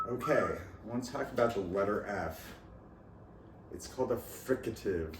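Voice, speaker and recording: This vlogger's voice is lowish, expressive and unhurried. Speaking solo, he wanders jumpily through thoughts on accents and his language lessons, laughing at his own humor, in a noisy, echoey room well away from the mic.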